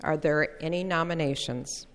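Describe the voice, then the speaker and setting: Lady chairing a senate session, brisk and procedural, smooth clear voice, reverby hall. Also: low voice, fairly even intonation. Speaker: presiding officer. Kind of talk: formal parliamentary procedure. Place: legislative chamber. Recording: echoey chamber reverb.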